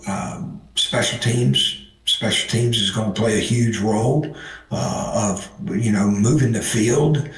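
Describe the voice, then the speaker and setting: Guest coach, man, hoarse from the season, rambling with lots of ums, sits back from the mic. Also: fairly low pitch, distant mic. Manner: rambling, many fillers. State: hoarse, losing his voice. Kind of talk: casual interview chat. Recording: roomy sound from off the mic.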